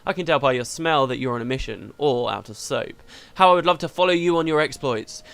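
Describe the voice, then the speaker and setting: A man reading out a vain, theatrical male celebrity reporter in a game, pompous and flattering. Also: medium pitch, fairly quick, creaky.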